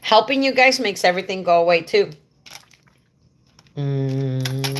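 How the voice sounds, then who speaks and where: A woman's voice: medium pitch, expressive, measured pace, long pauses, background noise. A woman hosting a casual livestream for home care workers, chatty and rambling, talking straight to her viewers with affectionate asides. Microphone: head-mounted rig.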